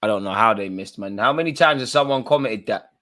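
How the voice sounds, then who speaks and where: A man's voice: fairly low pitch, fast talker, bright, forceful tone. A man hosting a live football watchalong, calling out players by name and bantering in casual slang. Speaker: watchalong host.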